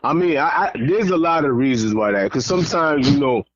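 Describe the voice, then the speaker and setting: A man in a casual chat, affirming and weighing both sides in a measured way. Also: a little high, animated, dry recording. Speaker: podcast co-host. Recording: dull lo-fi mic.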